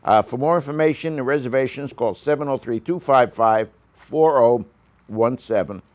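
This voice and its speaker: A man's voice: mid-range voice, normal speed, a little mellow. A man giving a casual, rambling restaurant review on a local news show, full of fillers and asides. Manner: rambling, with frequent fillers and coughs.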